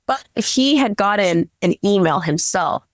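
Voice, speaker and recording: A woman's voice: mid-range voice, animated, a little slow, no echo, studio quality. A young woman, a police dispatcher, telling a story in casual chat and leaning on "like" constantly. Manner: chatty, leans on "like" constantly. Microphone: podcast microphone.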